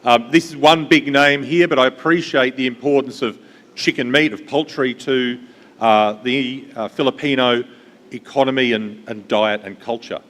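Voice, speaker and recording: Male keynote speaker, friendly, talks with the crowd, mid pitch, big echoing hall. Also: steady tone, moderate pace, fairly bright tone. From Australia. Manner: friendly, engages the audience, many fillers. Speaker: invited speaker. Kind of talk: conference keynote talk. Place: large conference hall. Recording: long hall reverb.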